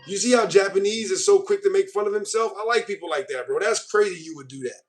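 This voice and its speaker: A man's voice: sits high, big pitch swings, quick pace, gravelly, few pauses, faint music behind. An American man hosting a casual stream, reading viewer comments aloud with mock outrage and calling people bro. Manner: joking, mock-offended, calls viewers bro. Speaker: host.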